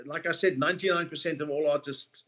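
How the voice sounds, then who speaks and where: A man's voice: fairly high pitch, fairly even intonation, fast, sharp tone. Joking South African man on a muffled call. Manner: chatty storyteller, slangy and joking. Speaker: comedian guest. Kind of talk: casual chat.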